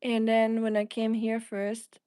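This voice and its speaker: A woman's voice: on the high side, monotone, unhurried, mellow, smooth, no echo. Chatty German-accented woman, dry sound. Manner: chatty, rambling, reads out comments and answers them. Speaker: livestream host. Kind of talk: casual livestream chat answering viewers.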